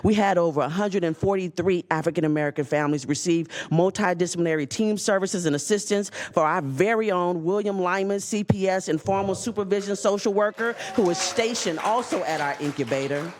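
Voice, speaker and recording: Man presenting at a board meeting, somewhat high voice, steady reading of numbers. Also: brisk, few pauses. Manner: steady reading of figures, occasional fillers. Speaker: community program presenter. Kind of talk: prepared report at a public meeting. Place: county board chamber.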